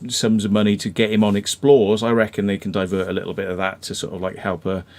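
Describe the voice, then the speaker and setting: A man's voice: lowish voice, flat delivery, quick pace, darkish tone. Chatty Welsh man hosting a live stream. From Wales. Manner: chatty, rambling, many fillers and restarts. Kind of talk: casual live-stream chat.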